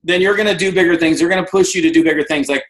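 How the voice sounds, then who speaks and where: Energetic man telling lively stories. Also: high voice, racing, soft background music, low-quality recording. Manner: energetic storyteller, acts out dialogue. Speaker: guest speaker. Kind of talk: motivational talk on a video call. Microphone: video call.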